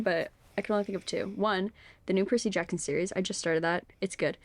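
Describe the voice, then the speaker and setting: A woman's voice: mid-range voice, moderate pace, no echo. Woman, twenties, podcast co-host, casual chat, chatty, lots of fillers, laughs a lot, dry close mic. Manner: chatty storyteller, laughs often, heavy "like" filler.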